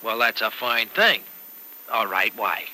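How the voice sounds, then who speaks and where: An actor playing a teasing, affectionate young newlywed husband in a 1940s radio drama, recorded on an old radio transcription. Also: male voice, fairly low pitch, expressive, sharp tone, full character voice, low-quality recording. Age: young adult. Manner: teasing, quick-joking banter.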